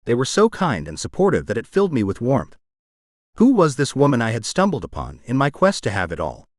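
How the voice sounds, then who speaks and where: Male audiobook narrator, expressive first-person romance read, very lively pitch, dry close studio sound. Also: a little fast, no echo. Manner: emotional, expressive reading.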